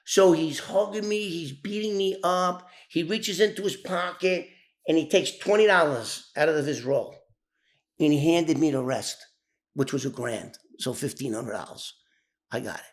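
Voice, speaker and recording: A man telling an animated street story, acting out the voices of others and often restarting his sentences. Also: on the high side, normal speed. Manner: animated, acts out quoted voices, many restarts. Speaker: former mob associate telling his story. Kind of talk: casual spoken storytelling.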